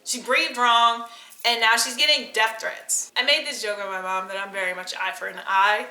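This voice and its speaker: A woman's voice: a little high, fairly even intonation, normal speed, sharp tone. A young woman, ranting bluntly and sarcastically through a casual list video. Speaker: vlogger. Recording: echoey room with faint music.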